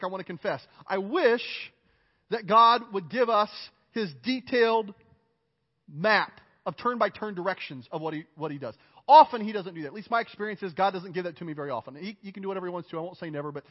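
A man's voice: high-pitched, brisk. A male pastor preaching a sermon in an earnest, emphatic way, repeating his phrases and joking at his own expense. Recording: reverberant hall, dull lo-fi sound.

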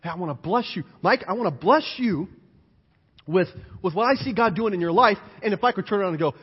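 A man's voice: sits high, brisk, breathy edge. Pastor, male, emphatic sermon delivery in a reverberant sanctuary, muffled lo-fi sound. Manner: animated, emphatic preaching with repeated lists. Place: church sanctuary. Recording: dull, hall-reverberant church recording.

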